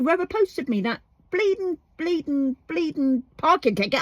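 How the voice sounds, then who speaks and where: A woman hosting a podcast rants about a parking ticket from inside a parked van, swearing freely and firing off rhetorical questions. Her voice is extremely high with big swings in pitch, and she talks at a normal speed with no echo.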